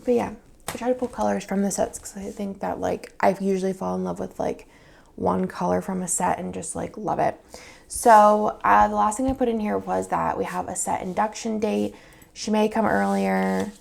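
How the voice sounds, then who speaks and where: Woman, young adult, casual vlog chat, rambling, gravelly, mellow tone. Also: mid-range voice. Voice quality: gravelly morning voice. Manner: rambling, filler-heavy, thinking aloud. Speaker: planner vlogger and shop owner.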